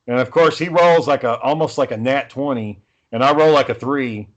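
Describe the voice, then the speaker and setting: A man's voice: mid-range voice, a little fast, muffled recording. Profane man telling stories on a podcast. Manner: profane storytelling, swears freely. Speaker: podcast host. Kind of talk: casual podcast chat.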